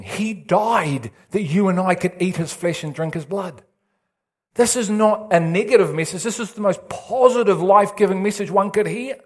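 A male pastor preaching an excitable, animated sermon with big swings in pitch. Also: moderate pace.

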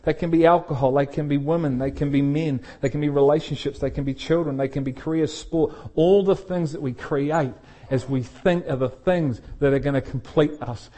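Liverpudlian man telling a sermon story. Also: mid-range voice. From England. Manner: storytelling, animated, laughs often. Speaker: pastor.

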